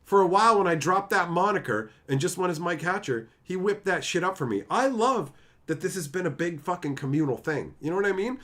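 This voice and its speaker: A man from Canada chatting casually on a live stream, telling stories in an animated, profane way and laughing often. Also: high voice, brisk.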